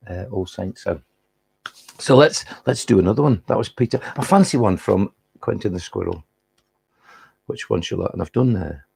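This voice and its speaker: A man with a gravelly, husky voice reads comic rhyming poems for children and chats between them in a friendly, rambling way. His voice is at an ordinary pitch, and the recording is dry and close. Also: darkish tone, no echo. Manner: rambling, friendly asides with many restarts. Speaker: children's poet hosting a live stream. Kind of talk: casual chat and comic poem reading.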